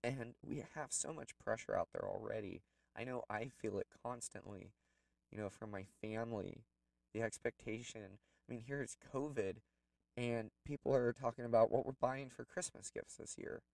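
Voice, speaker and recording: A man's voice: medium pitch, moderate pace, gravelly, a little mellow, dry recording, distant mic, poor audio. A man telling a personal story in a candid, rambling way, with plenty of fillers. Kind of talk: personal reflective monologue.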